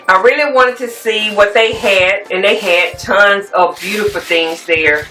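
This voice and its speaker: A woman's voice: medium pitch, slow pace. A woman, chatting casually and rambling a little as she shows home decor finds to her viewers. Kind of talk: casual show-and-tell chat. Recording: echoey room, mic at a distance, soft music.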